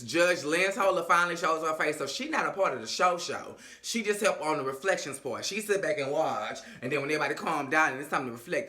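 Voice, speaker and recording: A man giving a sassy, animated recap of a reality show, acting out the quotes. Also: fairly high pitch. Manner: animated, sassy, acts out quotes with big swings. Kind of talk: casual recap commentary. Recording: echoey room.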